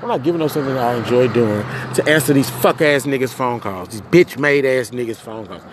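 A man hosting a podcast, ranting angrily and profanely, swinging from low muttering to loud outbursts. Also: brisk, noisy background. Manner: profane, venting, swings between muttering and shouting. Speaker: podcast host. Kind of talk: angry solo podcast rant.

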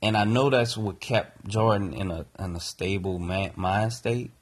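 Deep husky-voiced father telling his story. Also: measured pace. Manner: earnest, reflective. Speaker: podcast co-host and father. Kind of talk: personal storytelling.

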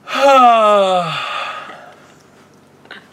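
A man's voice: high-pitched, animated, extremely slow, bright, forceful tone, clear, resonant tone. A man hosting a casual chat show from a car, joking, rambling and swearing freely. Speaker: podcast host.

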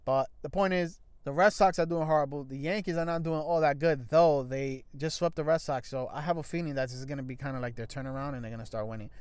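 A man's voice: medium pitch, steady tone, fast talker, few pauses, a little mellow, clear, resonant tone, no room sound. A young man in a casual sports talk show, blunt and profane, rambling with restarts and slang. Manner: frequent restarts and fillers, loose slangy grammar.

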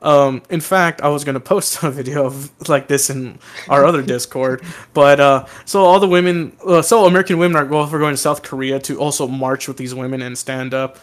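A man co-hosting a podcast, telling a crude story loudly and swearing often. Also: medium pitch, fairly quick, few pauses. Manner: loud animated storytelling, swearing. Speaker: podcast co-host. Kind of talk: casual crude podcast chat.

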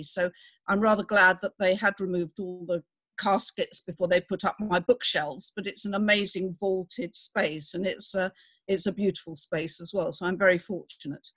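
A woman chatting in a bright, good-humoured way over a video call. Her mid-pitched voice sounds close and dry. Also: no room sound. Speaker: rector, interview guest. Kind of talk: casual chat on a video call. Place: vaulted crypt study, over a video call.

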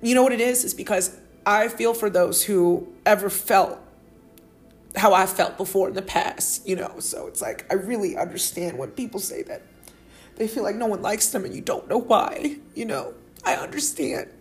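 A woman's voice: mid-range voice, lively intonation, normal speed, faint music behind. A woman hosting a solo podcast, talking earnestly in a rambling way with many fillers, emotional and tearing up while she laughs. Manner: emotional, tearful and laughing at once. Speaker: podcast host.

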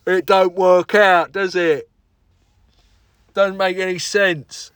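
A man's voice: high voice, flat delivery, slow, a bit bright, smooth, no room sound, studio quality, pitched above the performer's own voice. A man putting on the voice of a blustering friend who scoffs and rants with indignant certainty. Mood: scoffing. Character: blustering male conspiracy-minded mate.

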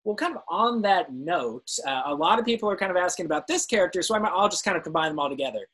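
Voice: mid-range voice, expressive, fast talker, a bit bright, slightly rough. An interview host asking casual questions in an easygoing way, hedging with fillers.

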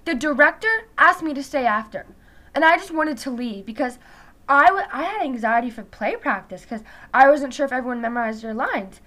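Chatting casually for her vlog, this teenage girl rambles and leans heavily on "like." Her high voice is expressive and sharp-toned, moving a little fast.

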